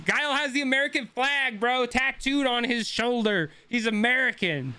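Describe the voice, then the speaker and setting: Young male streamer, profane rambling chat, bright crisp voice. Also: very high voice, moderate pace, few pauses, no echo. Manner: profane, ranting, talks to chat. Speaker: gaming streamer. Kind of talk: casual chat.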